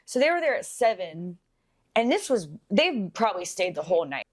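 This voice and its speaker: A young woman co-hosting a podcast, telling a bartending story in a casual, swearing, animated way. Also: medium pitch, normal speed. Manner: swears freely, animated when quoting people.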